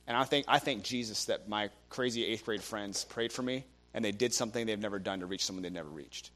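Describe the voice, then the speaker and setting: A man's voice: on the low side, a little fast, a bit bright. A young man preaching a sermon, telling stories animatedly and acting out the people he quotes. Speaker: guest preacher.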